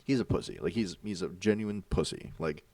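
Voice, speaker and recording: A man's voice: low-pitched, brisk, gravelly, dry recording, distant mic. A young man in his twenties, a podcast co-host, telling a casual story and acting out the voices in it, with plenty of swearing. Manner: animated, acts out voices in his stories, swears freely.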